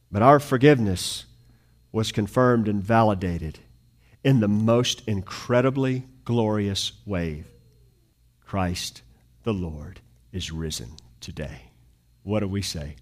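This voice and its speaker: A male pastor preaching a sermon, moving from hushed, low passages to loud, fervent appeals.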